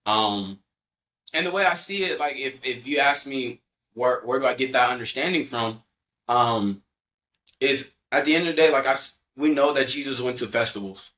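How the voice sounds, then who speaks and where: A man's voice: mid-range voice, normal speed, pushed and bright. A young man telling his faith testimony as a podcast guest in an earnest, loose way, full of casual fillers. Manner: earnest, loose, heavy on "you know" fillers.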